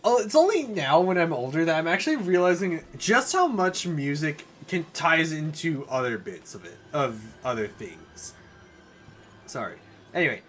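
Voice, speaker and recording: A man streaming a game, chatting casually with animated, giggly commentary. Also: a little high, moderate pace, faint music behind. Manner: animated, giggly, self-interrupting. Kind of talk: casual let's play commentary.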